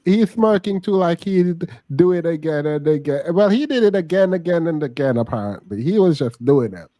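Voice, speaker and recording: A man's voice: on the high side, animated, normal speed, mellow. A man hosting a reaction commentary, sassy and blunt, often breaking into laughter. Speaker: commentary host.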